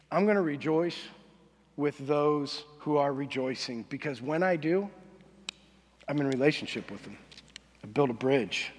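A man preaching a sermon as pastor, conversational and animated, acting out quoted voices. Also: high voice. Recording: long hall reverb.

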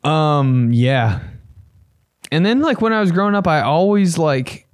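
A young man hosting a podcast, chatting casually in a loose, profane, rambling way with bursts of excitement. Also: a little high, measured pace, dry recording, studio quality. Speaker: podcast host. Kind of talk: casual chat.

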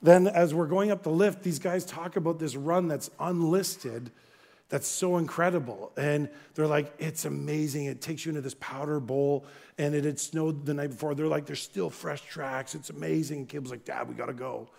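Middle-aged guy pastor, fairly high voice, lots of stop-start, acts out his story. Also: normal speed, vocal fry. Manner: animated, acts out dialogue, many restarts. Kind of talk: sermon with storytelling.

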